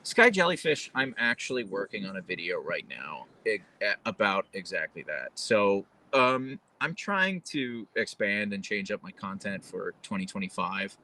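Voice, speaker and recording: A man's voice: lowish voice, sing-song, moderate pace, few pauses, bright, forceful tone, low-quality recording. A man hosting a casual live stream at home, chatting in a rambling way full of fillers and restarts. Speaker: livestream host. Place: at home, with his dogs.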